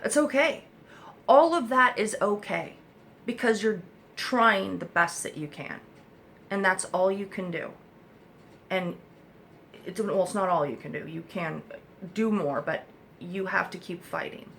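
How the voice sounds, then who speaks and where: A woman's voice: medium pitch, measured pace, creaky, pauses often, a bit bright, slight background noise. A woman speaking as the mother of an autistic child, giving blunt, emphatic advice to other parents in a rambling monologue with casual swearing, recorded in a room at home.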